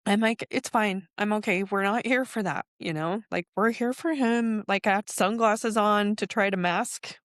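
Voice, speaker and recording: A woman in her forties speaks candidly and with feeling as a podcast guest, switching into lively quoted voices as she tells her story. Her voice sits at an ordinary middle pitch, recorded close and dry with no room sound. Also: moderate pace, hardly any pauses, no room sound. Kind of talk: casual chat.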